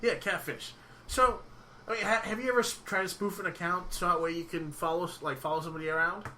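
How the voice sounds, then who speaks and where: A man's voice: high voice, steady tone, sharp tone, a little hiss or hum. A man co-hosting a casual podcast, rambling with lots of "like" and teasing his friend. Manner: rambling, lots of "like", quick to tease. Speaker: podcast co-host.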